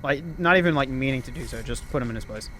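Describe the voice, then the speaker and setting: A man's voice: mid-range voice, fast, sharp tone, soft background music. A young man telling a rambling story in casual chat, swearing, laughing often and full of fillers. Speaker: storyteller host.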